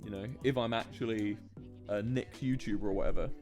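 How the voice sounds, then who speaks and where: A young man on stream tells his chat a story, casual and animated, swearing freely and acting out what people said. His voice is on the low side and fairly quick, with faint music in the background.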